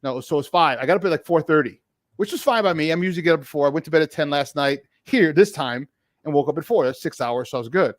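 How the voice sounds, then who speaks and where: A man hosting a casual sports talk show, animated and laughing often. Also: on the high side, fast, no room sound.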